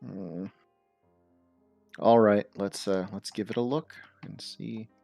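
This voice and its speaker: A man playing a tabletop game, speaking in a deadpan, low-key manner. The recording is very dry and close, with faint music underneath. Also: slow, creaky, dry recording. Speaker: player.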